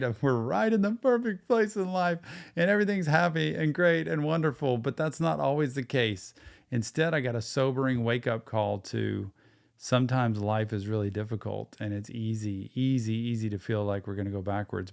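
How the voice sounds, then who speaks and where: A man's voice: medium pitch, vocal fry. A man hosting a live reaction show, breaking down song lyrics in an earnest, explanatory way.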